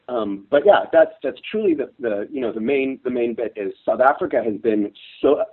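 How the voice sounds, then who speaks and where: A man's voice: mid-range voice, moderate pace, husky. Hesitant man on a tinny phone line. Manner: hesitant, many restarts, gets choked up. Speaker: interview guest. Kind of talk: emotional personal interview.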